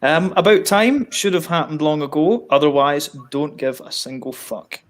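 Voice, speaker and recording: This man is a stream host talking casually from home. He reads viewer comments aloud and bantering with mates. His swearing comes naturally, in a slightly higher voice. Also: normal speed. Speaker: livestream host. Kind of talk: casual chat. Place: home, living in Sweden.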